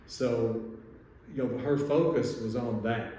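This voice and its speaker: A man's voice: medium pitch, slow, dark tone. A man hosting a podcast, a surgeon telling rambling anecdotes in casual chat with frequent restarts and chuckles. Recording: echoey room, distant mic, faint noise.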